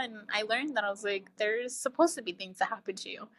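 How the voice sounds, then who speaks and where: A woman, telling her own story in a casual, animated way and laughing often. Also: a little fast, dry recording. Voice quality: low, flat-sounding voice she calls sad over the phone.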